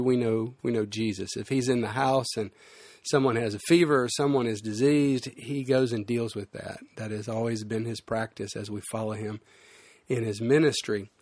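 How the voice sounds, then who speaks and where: A man's voice: medium pitch, darkish tone, no echo. Male pastor, mid-range voice, casual explanatory sermon delivery, dry recording. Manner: conversational and explanatory, with fillers and restarts.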